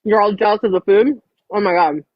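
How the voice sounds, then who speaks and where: A woman's voice: mid-range voice, fairly quick, dry recording, muffled recording. A woman chatting casually on a livestream, blunt and full of swearing.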